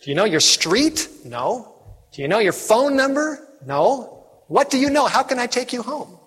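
A man's voice: sits high, quick pace, a bit bright, slightly rough, big-room sound. A man doing a patient beat policeman. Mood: exasperated.

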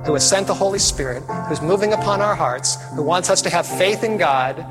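A man's voice: sits high, brisk. A man preaching a fervent evangelistic sermon, calling out to his audience for responses. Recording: reverberant hall with faint music.

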